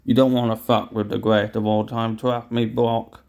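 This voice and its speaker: A man's voice: lowish voice, level tone, moderate pace, gravelly, a little mellow. A young man giving outraged play-by-play wrestling commentary, swearing and talking to viewers as guys.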